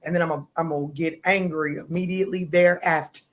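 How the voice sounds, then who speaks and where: A woman's voice: fairly even intonation, fairly quick. Bold, profane woman tarot host. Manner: loud, bold and profane, laughing often, with sudden jumps in pitch. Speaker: tarot reader livestream host. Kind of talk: casual livestream chat.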